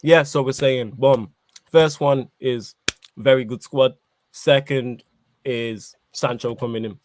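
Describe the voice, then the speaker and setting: A man hosting a casual football podcast, talking in animated slang while eating. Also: mid-range voice, slow pace, background noise. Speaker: podcast host.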